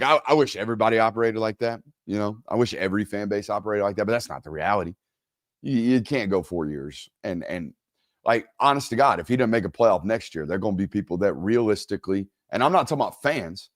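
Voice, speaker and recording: A man hosting a solo live college football reaction show, who gets loud and high when he rants. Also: no echo, studio quality. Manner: animated, goes loud and high when ranting. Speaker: sports show host. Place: studio.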